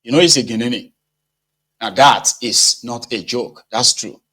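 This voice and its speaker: A man's voice: medium pitch, measured pace, pushed and bright. A man with a Nigerian accent giving casual political commentary, conversational and sarcastic, mixing in pidgin.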